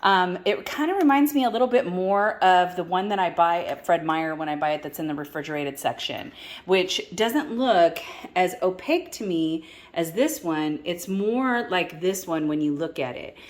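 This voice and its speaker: A woman's voice: fairly low pitch, lively intonation, normal speed. A woman hosting a cooking vlog, talking in a chatty, rambling and upbeat way. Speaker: cooking vlogger.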